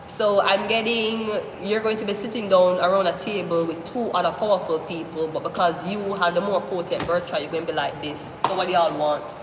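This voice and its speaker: A woman giving a live-stream tarot reading, talking straight to the viewer in an animated, rambling way, often cursing. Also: mid-range voice, moderate pace. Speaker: tarot reader. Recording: echoey room with long reverb, faint hiss.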